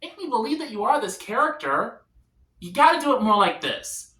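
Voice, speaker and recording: Male stand-up, self-deprecating, fairly light low-ish pitch, bright tone, lively delivery. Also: moderate pace, roomy sound. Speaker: stand-up comedian. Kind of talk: stand-up comedy set.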